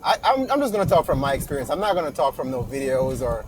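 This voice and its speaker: A man's voice: mid-range voice, very animated, quick pace, noisy background. A man in a casual debate, animatedly telling his own experiences and acting out both sides.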